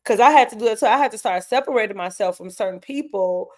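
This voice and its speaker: A woman's voice: mid-range voice, quick pace. Woman in her 30s, tearful live-stream host, speaks candidly to her viewers. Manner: candid, emotional, talks straight to her chat. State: tearing up. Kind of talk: casual live stream chat.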